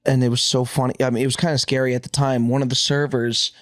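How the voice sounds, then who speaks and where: A man's voice: medium pitch, fast talker, no room sound. Male podcast host, dry close sound. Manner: animated storyteller, laughing between lines. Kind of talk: casual chat.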